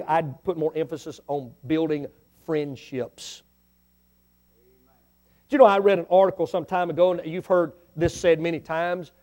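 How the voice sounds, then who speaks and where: High-voiced man preaching a sermon. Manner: preaching with swells of loud emphatic lines and quiet asides. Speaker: pastor.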